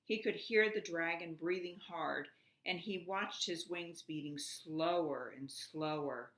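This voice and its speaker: A preschool teacher reading a storybook aloud to children, slow and expressive. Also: female voice, on the low side. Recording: echoey room.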